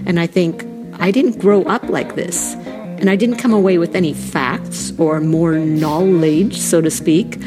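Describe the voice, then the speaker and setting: Woman, slightly low voice, reflective and searching, conversational tone, faint music underneath. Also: measured pace. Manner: thoughtful, searching for words, asks "right?".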